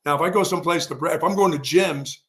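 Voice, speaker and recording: A man's voice: a little high, quick pace, a bit bright. A man co-hosting a sports talk show, chatting casually in a rambling, folksy way that often repeats itself. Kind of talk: casual sports radio chat.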